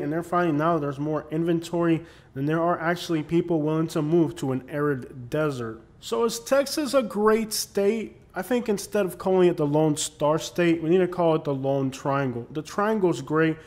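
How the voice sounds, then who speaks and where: A man's voice: a little high, moderate pace, darkish tone. A man hosting and narrating a comedy video in a mocking, sarcastic tone. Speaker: host.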